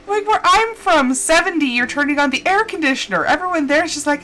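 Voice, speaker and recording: Woman game streamer, rambling chatty delivery, lively up-and-down pitch, a bit high, faint music behind. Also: fairly quick. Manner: rambling, chatty storytelling with frequent fillers; animated, playfully dramatic. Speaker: livestreamer playing a farming game. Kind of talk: casual chat while gaming.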